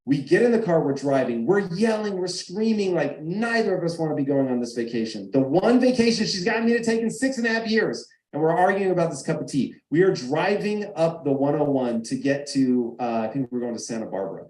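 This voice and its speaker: A man's voice: fairly high pitch, expressive, fairly quick, few pauses, darkish tone. Man telling a personal story in an echoey room. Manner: emphatic, acts out quoted arguments. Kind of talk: animated storytelling. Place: room on a video call. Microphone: video call mic.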